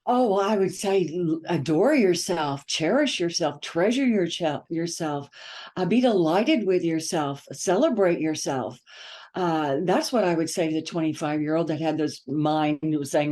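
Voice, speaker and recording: A woman's voice: medium pitch, expressive, moderate pace, a little mellow. A woman guest on a casual podcast interview, laughing often and repeating her words for emphasis. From United States. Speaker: author and guest.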